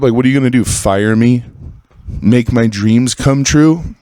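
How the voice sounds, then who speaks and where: A man in his thirties hosting a solo podcast, ranting with constant swearing and jumping into high, exasperated outbursts. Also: animated, moderate pace, creaky, a little mellow, no room sound, clean studio sound. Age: 30s. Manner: profane, ranting, swings into high exasperated bursts. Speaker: podcast host.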